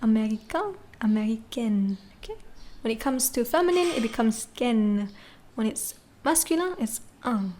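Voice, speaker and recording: Woman, fairly high voice, patient teacher, repeats words slowly, lesson recording. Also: animated, darkish tone, a little hiss or hum. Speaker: French teacher.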